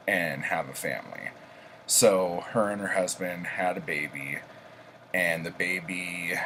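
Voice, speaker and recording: This vlog host and book reviewer has a low-sitting but fairly bright voice, chatting loosely about this week's reads with lots of ums and likes. There's slight background noise, and the recording quality is rough.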